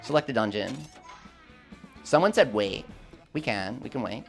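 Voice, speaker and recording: A young man commentating live gameplay and chatting with his viewers, swinging between hype and quick explanations. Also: fairly low pitch, animated, soft background music. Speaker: gaming streamer.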